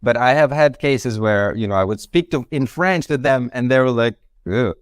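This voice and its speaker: A man speaking as a guest in a casual chat, explaining things in a relaxed way with plenty of "you know" and "like". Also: medium pitch, moderate pace, clean tone, no room sound, clean studio sound.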